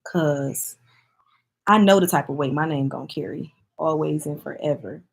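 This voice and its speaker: A woman's voice: sits low, normal speed, gravelly, breathy edge. A woman from Michigan chatting casually to camera as a vlogger, speaking in an emphatic, heartfelt way and addressing her viewers directly.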